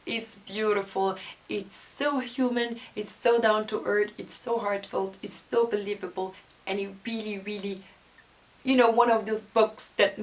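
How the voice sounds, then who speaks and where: A woman's voice: fairly high pitch, slight background noise. A woman reviewing a book in a casual vlog, chatty and enthusiastic, often laughing as she talks. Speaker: book vlogger.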